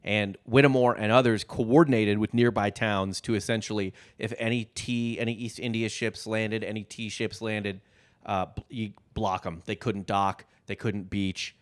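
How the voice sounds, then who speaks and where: A man's voice: fairly low pitch, fairly even intonation, moderate pace. A man co-hosting a history podcast, telling the story in a loose, rambling way with lots of fillers. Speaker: podcast co-host. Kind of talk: casual history podcast chat.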